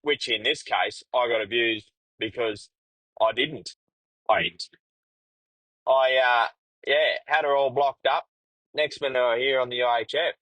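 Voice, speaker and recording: A man's voice: mid-range voice, fairly even intonation, measured pace, pauses often, fairly bright tone, no echo, low-quality recording. A middle-aged Australian man hosting a podcast, telling a casual, crude story from his truck-driving days and swearing freely. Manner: crude, swears freely, laid-back yarning. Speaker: podcast host; truck driver.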